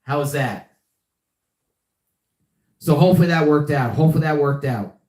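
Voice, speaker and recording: A man's voice: a little high, moderate pace, darkish tone, roomy sound. Rambling young man on a live stream. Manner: rambling, repeats himself. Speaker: podcast host. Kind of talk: casual live-stream chat.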